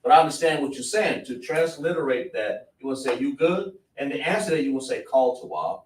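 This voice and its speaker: A man's voice: fairly high pitch, fast talker. A man teaching a class at a board, repeating words and quizzing his students with questions. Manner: repetitive, question-and-answer teaching style. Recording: echoey room, voice from a distance.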